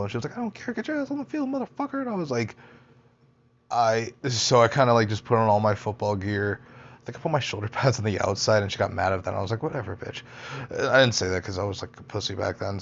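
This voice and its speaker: A young man with a low, gravelly voice rambles through his life stories, swearing often and doubling back on himself. The recording is dull and lo-fi, like a cheap home setup. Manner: rambling, profane, self-interrupting. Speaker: storyteller, podcaster. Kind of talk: casual personal storytelling.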